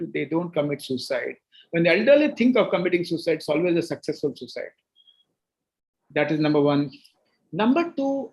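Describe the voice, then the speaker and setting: An earnest, middle-aged Indian man with a high-pitched voice, speaking as a doctor at a seminar. He talks with emphasis, repeating words and starting over as he builds his points. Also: poor audio. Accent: Indian English. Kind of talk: seminar Q&A answer.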